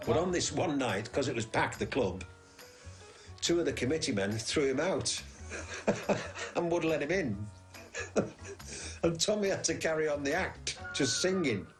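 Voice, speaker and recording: A man's voice: on the high side, lively intonation, unhurried, soft background music, rough recording. A man telling an anecdote in an interview, amused and laughing.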